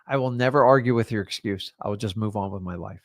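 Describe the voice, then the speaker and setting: A man's voice: lowish voice, quick pace, no echo, studio quality. A middle-aged man, a real estate coach, giving a blunt motivational masterclass and swearing casually as he talks.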